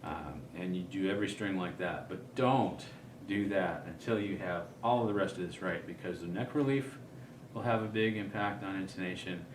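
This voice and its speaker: Man, very deep voice, casual instructional talk, thinks aloud; roomy, noisy recording. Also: normal speed. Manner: relaxed, thinking aloud with many ums. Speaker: guitar player explaining setup. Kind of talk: casual demonstration.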